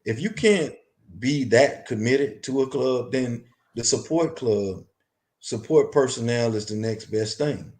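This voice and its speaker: Measured, halting man in a biker interview. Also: mid-range voice, expressive, a little mellow. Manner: measured, halting, many restarts. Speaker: guest, longtime club member. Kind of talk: casual interview talk.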